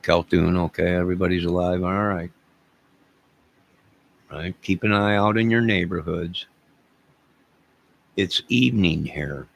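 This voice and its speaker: A man's voice: low voice, steady tone, unhurried, creaky, long pauses, a little hiss or hum. An older man hosting a casual livestream, rambling and joking as he reads viewers' chat aloud. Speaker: livestream host reading chat.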